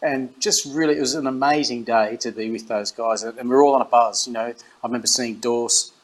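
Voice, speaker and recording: Australian man telling lively anecdotes. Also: mid-range voice, fairly quick, poor audio. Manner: animated anecdotes, acts out quoted dialogue, frequent restarts. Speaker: interview guest, former rugby captain. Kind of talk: casual storytelling.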